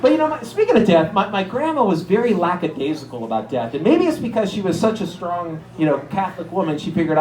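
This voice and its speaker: A man's voice: high-pitched, very animated, fast talker, hardly any pauses, a little mellow. A man from the Erie, Pennsylvania area doing a stand-up routine, telling stories in a chatty, self-deprecating way. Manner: self-deprecating, conversational storytelling. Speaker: stand-up comedian. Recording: echoey room.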